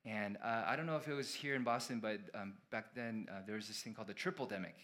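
A man in his thirties preaching a sermon, telling a personal story in an earnest, halting way with many fillers and restarts. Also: fairly low pitch, fairly bright tone. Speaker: pastor.

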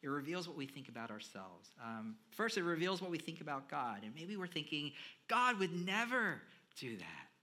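A male preacher delivers a sermon in a bright, slightly high voice. He drops to a near-hush, then turns emphatic. He speaks conversationally to his listeners, with a few fillers along the way. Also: fairly quick, hardly any pauses. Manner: animated, swinging between hushed and emphatic; conversational, with fillers, addresses the audience.

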